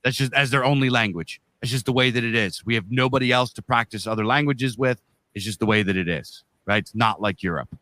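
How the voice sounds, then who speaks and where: A man, co-hosting a podcast, ranting in a heated, profane way that swings between loud and quiet. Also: mid-range voice, a little fast. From United States. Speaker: podcast co-host. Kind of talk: casual podcast rant.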